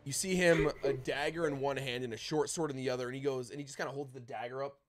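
A man narrating a tabletop game as dungeon master, describing scenes in a halting way with many fillers. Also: medium pitch, fairly even intonation.

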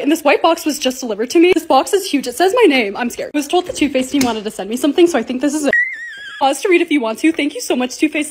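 A young woman in her twenties with a high voice and a lively, swooping delivery, talking fast as she narrates her own vlog. She sounds bubbly and excitable. A faint hiss of noise sits under the voice. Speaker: lifestyle creator.

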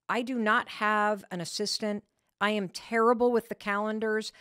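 Lively, animated woman podcast host. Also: medium pitch, dry recording, studio quality. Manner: animated storytelling with frank candor. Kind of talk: motivational podcast talk.

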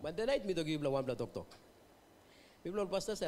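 A male pastor with a Papua New Guinean accent preaches at a revival, his voice high for a man, sing-song, a little fast and a little mellow. He switches between English and Tok Pisin and keeps questioning the congregation. Long church-hall reverb and slight background noise are audible.

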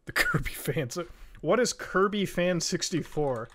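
A young male streamer talking casually to his viewers. He swears freely and gets excited quickly, often breaking into laughter. His voice sits fairly high and swings widely in pitch. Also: very noisy. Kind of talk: casual livestream chat.

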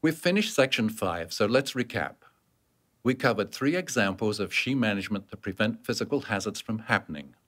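Lively-voiced man narrating safety training. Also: lowish voice, fairly quick. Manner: explanatory, posing questions and answering them. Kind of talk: scripted instructional narration.

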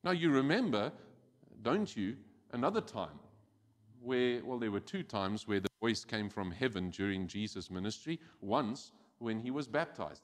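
A man preaching a sermon as pastor, animated and acting out quoted voices. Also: on the low side, measured pace. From South Africa. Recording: church hall with long reverb.

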